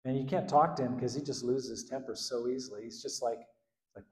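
A man preaching a sermon as pastor, animated, swinging between loud outbursts and quiet asides and acting out the quotes. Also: medium pitch, brisk, reverberant. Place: church hall.

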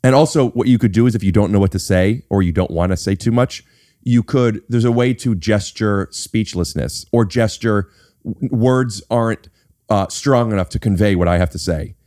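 This podcast host and actor has a fairly low, dark voice and talks at a normal speed. Recorded without echo on a studio mic, he chats casually and explains things in a tongue-in-cheek, mock-serious way.

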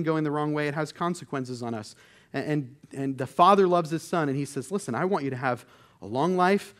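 Earnest male pastor preaching. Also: a little high. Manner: earnest, conversational preaching with frequent restarts. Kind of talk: sermon.

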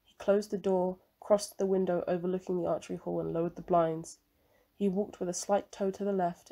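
A woman reading a novel aloud as scripted narration, in a measured, even storytelling manner. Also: lowish voice, gravelly. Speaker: audiobook reader.

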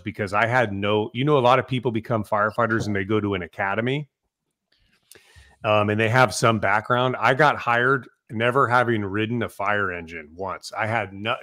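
A middle-aged man, a fire captain, telling casual stories from his early days and acting out the quotes loudly and with swearing. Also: lowish voice. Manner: animated storyteller, swears, acts out quotes loudly. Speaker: podcast guest, fire captain. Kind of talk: casual storytelling.

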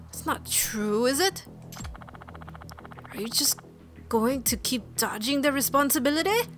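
A woman records gaming commentary, voicing the characters' lines herself and then dropping into quiet asides between them. Her voice sits a little high, and soft game music plays underneath. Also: expressive, unhurried. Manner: reads game text aloud with playful asides and mutters. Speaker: let's play streamer. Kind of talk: gaming commentary and reading game dialogue aloud.

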